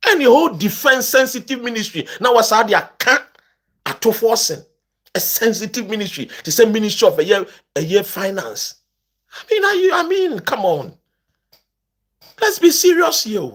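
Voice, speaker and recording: A man's voice: high-pitched, sing-song, a little fast, fairly bright tone. A Ghanaian man ranting about politics to his online audience, impassioned and emphatic, switching between English and Twi. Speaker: political commentator. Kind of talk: animated political rant to camera.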